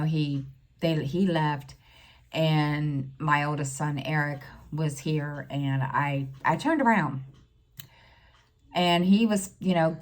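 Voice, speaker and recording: A middle-aged woman talking in a casual personal vlog, halting and full of fillers, close to tears. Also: sits low. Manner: halting, many fillers and restarts. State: tearful, near crying. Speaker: stitching vlogger.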